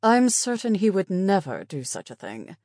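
A woman's voice: deep voice, very animated, normal speed, darkish tone, dry recording, studio quality, exaggerated voice. A woman voicing a dour, disapproving night nurse. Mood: stern. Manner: disapproving, curt. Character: dour middle-aged female night nurse, stern.

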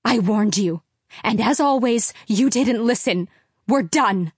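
A fed-up mother at her breaking point, loud and forceful, as a woman reader plays her. Her voice is mid-pitched and the recording dry and close. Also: normal speed, dry recording, lightly acted. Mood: angry. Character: mother, fed-up wife, angry and tearful. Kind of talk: audiobook character reading.

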